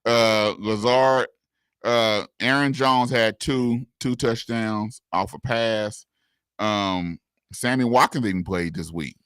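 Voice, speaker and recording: A man co-hosting a sports talk radio show, talking casually and excitedly, often repeating words. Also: on the low side, slow pace, smooth, no echo. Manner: animated, laughing, repeats words, southern US slang.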